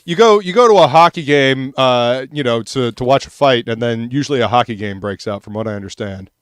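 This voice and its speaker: A man's voice: medium pitch, fairly quick, clear, resonant tone, no echo, studio quality. A man hosting a casual livestream chat, reading viewer comments aloud and drawing out words for emphasis. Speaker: livestream host.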